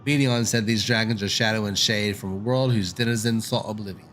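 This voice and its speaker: Formal young male scholar from a fantasy game, archaic and earnest, voiced by a man, pitched a little up. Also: fairly even intonation, fairly quick, fairly bright tone, slight background noise, close to an everyday voice. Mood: cautious. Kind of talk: reading game dialogue aloud.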